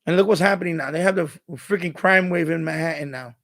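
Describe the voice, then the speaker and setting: Man, live stream host, casual rant, high-pitched, gravelly, rambling, slangy. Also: quick pace, fairly bright tone. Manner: rambling, repetitive, streetwise slang; acts out quoted exchanges. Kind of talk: casual ranting commentary.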